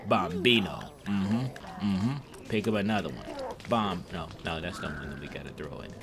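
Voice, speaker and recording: A man's voice: sits low, lively intonation, moderate pace, over music. A young man giving casual, profane, self-mocking commentary over his gameplay.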